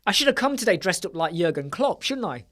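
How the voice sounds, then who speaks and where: This web design livestream host, a man in his forties, talks fast in a high, sing-song voice with a fairly bright tone. His casual chat is rambling and jokey, and he keeps interrupting himself mid-thought.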